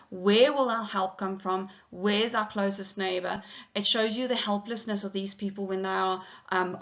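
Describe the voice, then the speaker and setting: A woman's voice: mid-range voice, a bit bright, muffled recording. Woman teacher explaining a poem. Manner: explanatory, methodical, with frequent ums. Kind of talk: poetry lesson.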